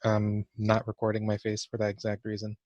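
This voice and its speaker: A man's voice: fairly low pitch, completely flat delivery, fairly quick, darkish tone, dry recording, dull audio. A young man giving casual let's-play commentary for a class vlog, awkward and joking at his own expense. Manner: awkward, self-mocking joking. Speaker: gamer doing a class vlog.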